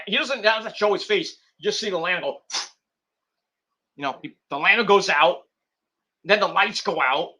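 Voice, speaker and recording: High, bright and forceful, this young wrestling-stream host rambles in casual commentary. He acts out scenes by slipping into quick put-on voices.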